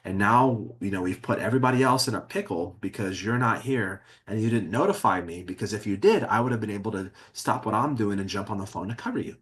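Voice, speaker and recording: As an HR consultant presenting a workplace webinar, a man talks conversationally and keeps asking "okay?", with frequent restarts and fillers. His lowish voice is expressive, and he speaks fast with hardly any pauses.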